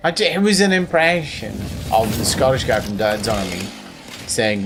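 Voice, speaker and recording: A man's voice: medium pitch, big pitch swings, normal speed, noisy background. A tired man with a Belfast accent, rambling through casual gameplay commentary and joking at his own expense. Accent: Northern Irish, Belfast. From Northern Ireland. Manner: rambling, self-deprecating, repeats words. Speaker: gaming video host.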